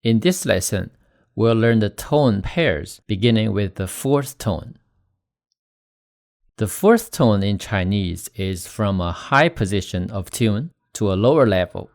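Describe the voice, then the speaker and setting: Guy teaching chinese tones, lowish voice, super slow and careful, leans hard on example words. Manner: slow, deliberate, demonstrating tones with stressed syllables. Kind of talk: scripted language lesson.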